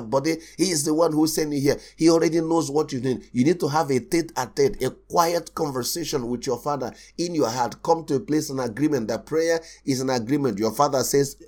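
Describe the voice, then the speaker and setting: A man preaching a sermon as a pastor, asking rhetorical questions and slowing down to stress scripture. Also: medium pitch, a little mellow.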